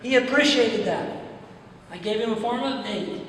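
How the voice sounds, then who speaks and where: A very high, fairly bright voice at normal speed belongs to a Midwestern American man presenting a folksy, plain-spoken conference talk with audience questions. He tells stories featuring quoted dialogue. Recorded from a distance in a roomy large hall, the audio carries a little hiss or hum.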